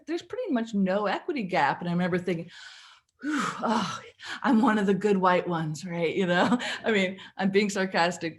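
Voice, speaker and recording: Candid woman, somewhat low voice. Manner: candid, conversational, self-reflective with frequent fillers. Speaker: college English instructor. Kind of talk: webinar presentation.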